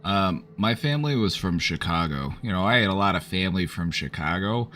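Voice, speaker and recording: A man's voice: deep voice, expressive, fairly quick, bright, forceful tone. A man chatting casually on a live stream, rambling with lots of fillers. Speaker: streamer offering support.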